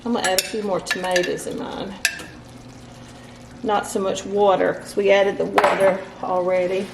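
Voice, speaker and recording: A woman's voice: medium pitch, little pitch movement, moderate pace, vocal fry, reverberant, very noisy. A middle-aged woman hosting a casual, homey cooking demonstration in her kitchen. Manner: chatty, instructive, homey. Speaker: home cooking host. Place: home kitchen.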